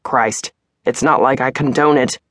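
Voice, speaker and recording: A woman's voice: a bass voice, fairly even intonation, a little slow, a bit bright, no room sound, studio quality, heavily acted. A woman voicing a brusque male security overseer in an audiobook, speaking firmly and curtly.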